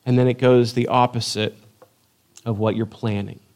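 A man preaching a sermon, reading scripture with slow drama between conversational asides. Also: medium pitch, level tone, a little mellow. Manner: reads scripture slowly and dramatically, then talks conversationally. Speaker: pastor.

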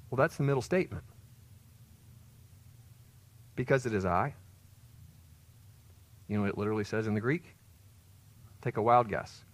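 A man preaching a sermon, swinging between loud emphatic peaks and quiet low asides. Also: brisk, long pauses. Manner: expressive, rises to loud emphasis then drops low. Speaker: pastor.

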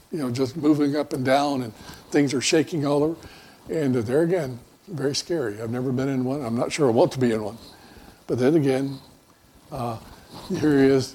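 A man's voice: medium pitch, warm tone, breathy edge. A man pastor preaching a conversational sermon in a folksy, rambling way, with many fillers and restarts.

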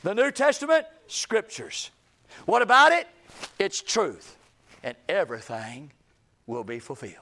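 A preacher man with a very high voice delivers a sermon at an unhurried, drawn-out pace. He is folksy and emphatic, rising to shouts on key points and then sinking into low, trailing endings. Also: huge pitch swings.

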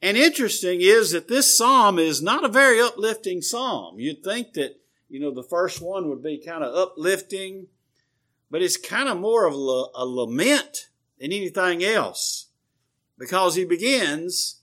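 A man preaching a sermon, explaining scripture in a measured, teaching way with frequent pauses and fillers. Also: sits high, very animated, sharp tone.

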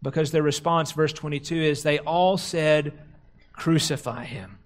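A man preaching a sermon as a pastor, slowing down and dropping low to stress key words. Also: little pitch movement. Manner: slows and drops low for emphasis, quotes crowd cries dramatically.

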